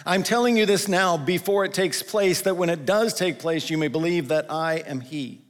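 A pastor in his own voice delivers a sermon in a relaxed, conversational way. His voice sits a little higher than most men's. He slows right down to lean on the scripture he quotes, and the sound carries the long reverb of a large sanctuary. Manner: conversational preaching, quotes scripture with slowed emphasis.

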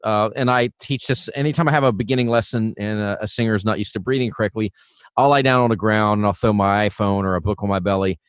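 A man teaching singing in a relaxed, chatty way, full of fillers and restarts. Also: fairly low pitch, fast talker, clear, resonant tone, no room sound, studio quality. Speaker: vocal coach. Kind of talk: casual instructional talk.

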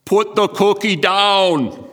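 A man putting on an impression of a gruff male action-movie star with a mock Austrian-German accent. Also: high voice, slow pace, fairly bright tone, voice pushed up. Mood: commanding. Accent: Austrian-German put on. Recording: long hall reverb.

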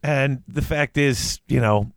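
A man hosts a podcast in relaxed, casual chat, often restarting and trailing off mid-thought. His voice sits at an ordinary pitch and is recorded close and dry, with no room sound. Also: takes it slowly, no echo. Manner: rambling, with frequent restarts and trailing off. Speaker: podcast host.

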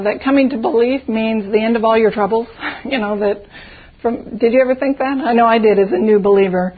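A woman leading a conversational Bible study, reflective and full of rhetorical questions. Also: fairly high pitch. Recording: tinny phone-like audio.

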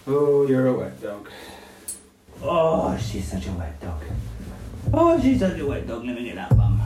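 A man's voice: mid-range voice, huge pitch swings, moderate pace, darkish tone, faint music behind. Sing-song man coaxing a puppy, echoey. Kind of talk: baby-talking to a puppy. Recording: echoey room from far off, faint noise.

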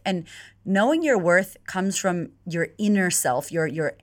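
A middle-aged woman, an animated podcast guest who laughs easily and swears casually. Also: fairly low pitch, normal speed. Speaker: podcast guest, confidence coach. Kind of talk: casual interview chat.

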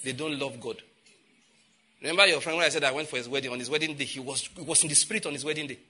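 Forceful Nigerian preacher, emphatic. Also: male voice, on the high side, racing. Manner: emphatic, repeating phrases, with sudden loud outbursts; slips into pidgin asides. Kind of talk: sermon.

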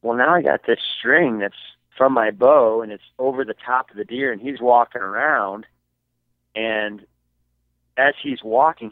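A middle-aged archery filmmaker from Michigan, United States, speaks at a normal pace and medium pitch as a podcast guest, casually recounting hunting tales from his basement with frequent fillers and restarts. The line sounds tinny and phone-like, with no room sound.

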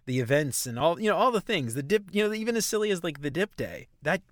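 A man's voice: fairly high pitch, lively intonation, fast. A man from New Orleans with a New Orleans accent, co-hosting a podcast in casual, rambling chat and laughing often. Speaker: podcast co-host.

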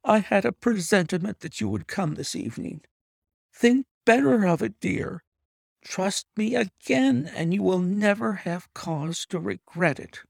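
A man's voice: high voice, animated, unhurried, vocal fry, dry recording, studio quality, pitched above the performer's own voice, heavily acted. A man voicing a proud, pleading young wife from a detective story, in a raised, emotional voice.

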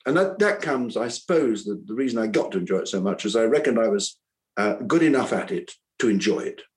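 A former teacher turned author, this older man has a fairly low, somewhat mellow voice and speaks briskly and with animation. The recording quality is low. He reflects earnestly in an interview, rambling and often beginning sentences again.

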